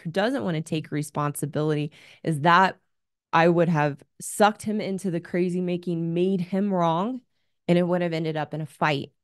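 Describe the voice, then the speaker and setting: A woman's voice: fairly low pitch, no echo, clean studio sound. A woman hosting an advice show as a relationship coach, talking in an earnest, candid coaching tone. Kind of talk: advice monologue.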